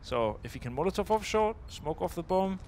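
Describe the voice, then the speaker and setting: A man's voice: sits high, very animated, a little fast, noisy background. Chatty man commenting a live esports match. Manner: chatty, laughs easily, thinks aloud mid-sentence.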